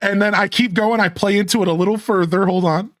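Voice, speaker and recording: A man streamer casually telling a story to his stream chat, laughing often and mimicking chat in high yelps. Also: fairly even intonation, fast, a bit bright.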